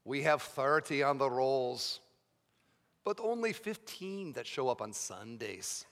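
A man's voice: mid-range voice, animated, slow, fairly bright tone. A man imitating a Scottish church pastor, speaking in a practiced Scottish accent. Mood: matter-of-fact. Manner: rehearsed, self-conscious imitation. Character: middle-aged male Scottish church pastor. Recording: long reverb of a large hall.

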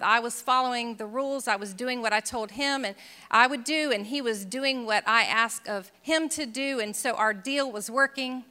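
A woman giving a personal testimony, telling her story earnestly and dropping to a soft hush at painful moments. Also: fairly high pitch, smooth. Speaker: speaker sharing her testimony. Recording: long reverb of a large hall.

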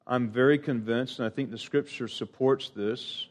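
A middle-aged man preaching a sermon, earnest and emphatic, with sudden rises in pitch and lines that trail off quietly. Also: fairly even intonation, moderate pace.

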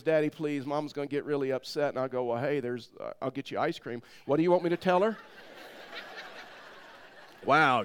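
Animated preaching man telling a story. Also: on the high side, clear, resonant tone. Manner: animated storyteller, laughs through the tale. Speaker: pastor. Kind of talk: sermon storytelling.

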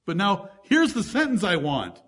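Male pastor, husky, a bit high, emphatic sermon delivery. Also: wildly swooping pitch, normal speed, fairly bright tone. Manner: preaching, reading scripture aloud with emphasis.

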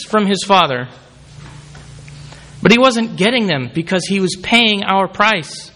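A man's voice: high-pitched, lively intonation, a little slow, pauses often, bright, forceful tone. A man preaching a sermon, reading scripture aloud and calling the congregation forward. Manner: calls the congregation forward at the close.

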